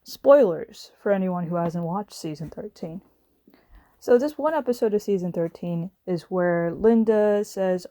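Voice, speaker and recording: A woman's voice: lowish voice, lively intonation, moderate pace, warm tone, no echo, studio quality. A woman delivering a casual, exasperated rant as a video reviewer, sarcastic and swearing now and then. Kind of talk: casual ranting commentary.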